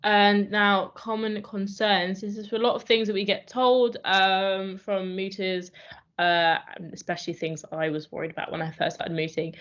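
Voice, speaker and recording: Young woman, student trainer, calm and reassuring, mid pitch, dull lo-fi recording. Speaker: mooting society trainer. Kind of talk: instructional training talk.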